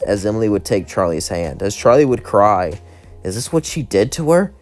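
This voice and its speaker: A man's voice: lowish voice, very animated, normal speed. Male narrator, casual and rambling fan storytelling, light music underneath. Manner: casual, loose, keeps saying "would say".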